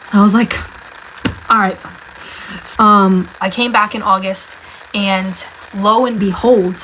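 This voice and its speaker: A woman's voice: mid-range voice, fairly bright tone, a little hiss or hum, low-quality recording. A young woman from New Jersey telling a faith testimony in a chatty way, full of "like" and acted-out dialogue. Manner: chatty, lots of "like", acts out dialogue. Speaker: vlogger sharing a faith testimony. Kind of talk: casual storytelling testimony.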